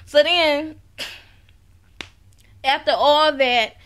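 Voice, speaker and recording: A woman chatting casually to camera in a reality TV recap, sassy and quick to laugh. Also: high-pitched, fairly bright tone. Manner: chatty and sassy, talks straight to viewers; laughs often.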